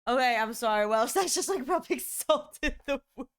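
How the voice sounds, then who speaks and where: High, bubbly woman streamer. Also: moderate pace, clean tone. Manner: excitable, giggly, frequent exclamations. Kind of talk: casual live-stream chat.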